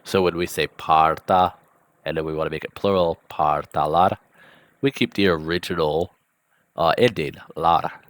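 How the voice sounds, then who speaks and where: Low-voiced man teaching casually. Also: moderate pace, dry recording, studio quality. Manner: relaxed, thinking aloud with many ums. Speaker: language teacher. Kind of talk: casual vocabulary lesson.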